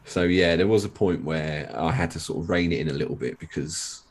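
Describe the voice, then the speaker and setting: A man with a flat, monotone way of talking, chatting casually as a podcast guest. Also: a bass voice, a little fast, husky. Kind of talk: casual chat.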